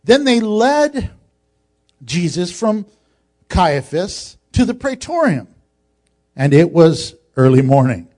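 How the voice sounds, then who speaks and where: A man's voice: sits high, sing-song, takes it slowly, long pauses, darkish tone. A male pastor giving a humorous, conversational sermon, acting out scenes as he teaches.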